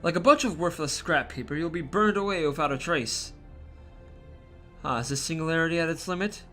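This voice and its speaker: A man's voice: fairly high pitch, fairly quick, a bit bright, soft background music, natural voice. A man reading a gloating, contemptuous villain. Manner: contemptuous, lecturing. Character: cold, gloating male villain mage.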